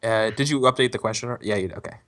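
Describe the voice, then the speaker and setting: A man's voice: on the low side, racing, fairly bright tone. A man at a tabletop game who explains the rules to another player in casual chat.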